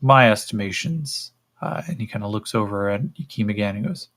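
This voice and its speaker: Gravelly-voiced man narrating a solo tabletop game. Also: lowish voice, fast. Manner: relaxed storytelling with fillers and asides. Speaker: game master and solo player.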